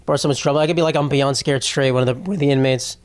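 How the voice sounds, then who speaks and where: A man's voice: medium pitch, rapid-fire. A young man hosting a solo podcast, rambling casually with lots of swearing and jokes. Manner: rambling, profane, jokey. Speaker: podcast host.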